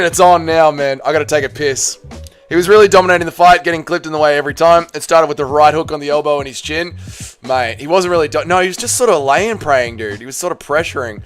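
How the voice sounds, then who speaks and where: A young man hosting a fight-night watch party stream, chatting casually, swearing freely and bursting into excited shouts. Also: on the high side, quick pace, soft background music. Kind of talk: casual live-stream chat reading comments.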